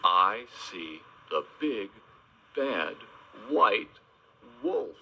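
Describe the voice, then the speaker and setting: A man slowly teaching young children animal names, spelling words out and making animal noises. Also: on the low side, sing-song, lo-fi sound. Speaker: children's educational host.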